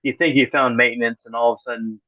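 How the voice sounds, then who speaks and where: A middle-aged podcast guest talks casually in an interview, rambling and correcting himself, with dry, sarcastic humor. His medium-pitched voice is flat and quick, with no echo on the tinny, phone-like call audio.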